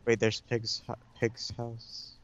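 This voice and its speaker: A man's voice: mid-range voice, monotone, slow, clean tone, no echo, highs cut off. A man playing a co-op game with a friend, laid-back and full of questions, hedging with filler words. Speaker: co-op player. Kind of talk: casual gaming chat.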